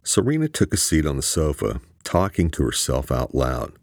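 A man reads an audiobook in a very deep voice that rises and falls with lively expression. His narration is crude and vivid. The sound is close and dry. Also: normal speed, no room sound.

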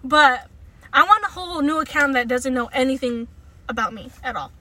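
High bright-voiced woman, slangy and loud. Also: animated, moderate pace, no room sound, distant mic. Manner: loud bursts of laughter, cursing, slangy. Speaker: podcast co-host. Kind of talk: casual chat.

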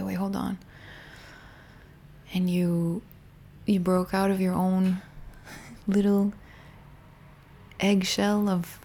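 A young woman talks quietly to her viewers, her lowish voice carrying a soft vocal fry. She often sinks into a near-whisper, gentle and intimate, looping back over half-finished phrases as she reflects, with a faint hiss of background noise beneath. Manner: gentle, intimate, rambling with many restarts. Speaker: spiritual healing teacher.

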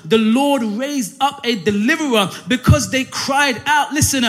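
A man preaching a sermon, animated, often saying "listen" and "um" between phrases. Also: very high-pitched, a little slow, soft background music.

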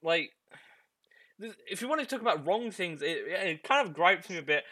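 A young man co-hosting a casual podcast chat, hesitant and halting at first, then blunt. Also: high-pitched, big pitch swings, sharp tone. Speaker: podcast co-host.

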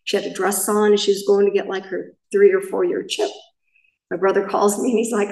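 A woman's voice: medium pitch, little pitch movement, fairly quick, vocal fry, darkish tone, recorded from a distance. Candid woman telling her story, echoey room. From Southern California. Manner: candid, rambling storytelling with self-corrections. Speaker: main speaker at a recovery meeting. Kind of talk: personal recovery share.

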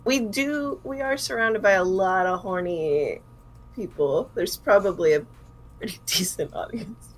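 A woman's voice: medium pitch, measured pace, rough recording. A woman playing in a tabletop role-play, giggly and flustered. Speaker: player.

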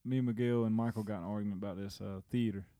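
A laid-back Southern US man who jokes and swears freely as he hosts. His tone is mellow and dark, and the recording is dry and close. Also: on the low side, fairly even intonation, rapid-fire, no echo. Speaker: podcast host. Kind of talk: casual chat.

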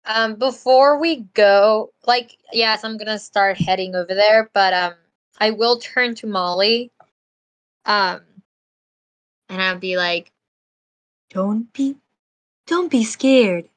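A woman's voice: mid-range voice, slow, a bit bright, smooth. A woman playing a tabletop role-playing game, describing her character's moves in a hesitant way with fillers. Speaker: player.

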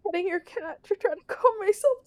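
A woman's voice: very high voice, expressive, fairly quick, a little mellow. A woman playing a horror game, frightened, swearing and repeating herself as she reacts. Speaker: game player.

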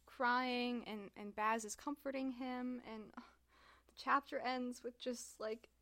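A woman with a fairly high voice chats about a book, leaning on filler words as she goes. The sound is close and dry, with no room around her. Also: fairly even intonation, unhurried, a bit bright, dry recording. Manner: chatty, heavy use of "like" and "um". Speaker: podcast co-host discussing a book. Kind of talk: casual chat.

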